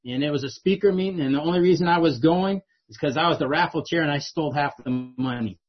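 A man's voice: fairly high pitch, quick pace. A middle-aged man telling his own recovery story to a meeting, streetwise and self-mocking, often tagging his lines with "right?". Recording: dull lo-fi recording.

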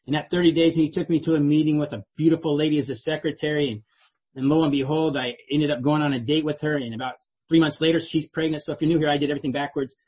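On a dull, lo-fi recording, a middle-aged man with a husky, somewhat high voice speaks fast in a steady tone. He's telling a meeting his personal recovery story, streetwise and laughing at himself, with "right?" tagged onto many lines.

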